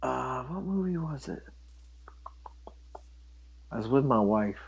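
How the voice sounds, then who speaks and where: Lively man with a dull lo-fi sound. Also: mid-range voice, slow pace, gravelly, breathy edge. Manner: easygoing, swearing, animated storyteller. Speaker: podcast co-host. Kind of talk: casual chat.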